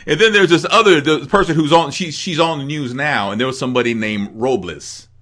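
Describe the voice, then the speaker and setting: A man's voice: fairly high pitch, brisk, a little hiss or hum. A middle-aged man from the American Midwest, co-hosting a casual chat and telling stories with lots of laughter. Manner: animated storyteller, laughs often. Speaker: podcast co-host.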